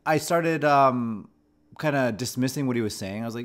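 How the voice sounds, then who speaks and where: A man's voice: medium pitch, normal speed. A man in his thirties, a channel host, reflectively telling a personal story to camera in a conversational way, often restarting his phrases. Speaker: host of a channel about anxiety.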